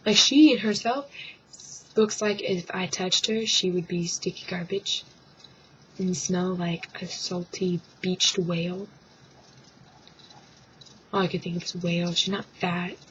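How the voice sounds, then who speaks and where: A woman's voice: fairly low pitch, fairly even intonation, slow, long pauses, a bit bright, a little hiss or hum. A woman vlogging to her webcam at home, rambling through a joking rant and dropping into mock voices and whispered asides. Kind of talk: casual comic rant to camera. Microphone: webcam microphone. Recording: dull lo-fi webcam sound.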